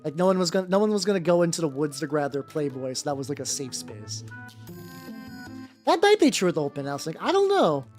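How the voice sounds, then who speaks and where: Chatty painting streamer, lively ups and downs, lots of likes and fillers, faint bgm. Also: mid-range voice, fast. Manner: rambling and animated, full of fillers and tangents. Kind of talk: casual chat while painting on stream. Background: faint background music.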